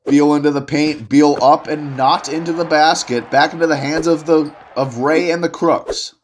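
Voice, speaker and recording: A young man doing solo play-by-play commentary on a video game basketball match, excitable and jokey, rising to shouts on big plays. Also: a little high, normal speed, slight background noise.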